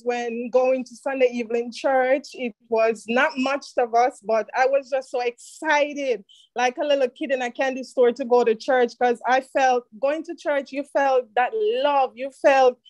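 A woman giving a halting, heartfelt spoken tribute at a church service. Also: high voice, fairly even intonation, low-quality recording. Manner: halting, heartfelt, with many restarts. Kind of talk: emotional spoken remembrance.

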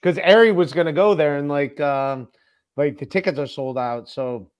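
A man in casual live-show banter, boastfully joking then deadpan. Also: on the high side, moderate pace.

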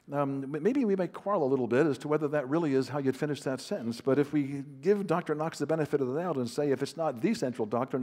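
A man's voice: fairly high pitch, darkish tone. Man telling stories in a conference talk. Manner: storytelling, self-deprecating humor; conversational, with fillers and restarts. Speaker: Christian author and counselor speaking at a conference. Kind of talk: anecdotal teaching talk. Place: large hall with a live audience.

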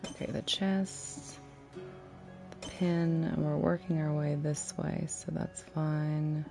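Low, gravelly-voiced woman streamer; foul-mouthed, chatty with viewers. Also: little pitch movement, takes it slowly, warm tone. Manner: profane, chatty, greets viewers affectionately. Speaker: game streamer. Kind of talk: casual live-stream chat while gaming. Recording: clear game music underneath. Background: game music.

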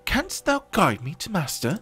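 A man voicing a young woman huntress who speaks in old-fashioned thee-and-thou English and talks gently to her animal. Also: high voice, huge pitch swings, moderate pace, faint music behind, voice pushed up, exaggerated voice. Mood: earnest.

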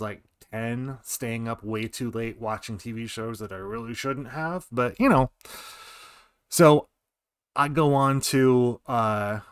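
A man's voice: mid-range voice, no room sound, clean studio sound. A man in his forties giving casual, rambling commentary while streaming a game. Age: 40s. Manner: rambling, digressive.

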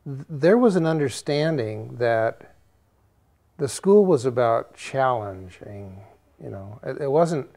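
A man speaking hesitantly in a documentary interview, with pauses, fillers and restarts. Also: medium pitch, lively intonation, vocal fry, darkish tone.

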